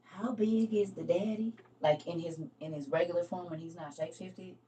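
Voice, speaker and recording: A woman's voice: on the low side, fairly even intonation, normal speed, mellow, recorded from a distance, slight background noise. A woman hosting a live stream, casually reading scripture aloud and talking it over with her viewers, laughing at her own slips.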